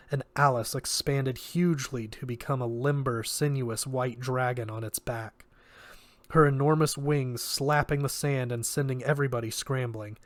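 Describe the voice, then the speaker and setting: A man reading a fantasy novel aloud in a steady narrating voice, now and then stopping to correct himself. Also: medium pitch, no echo. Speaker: reader of a novel.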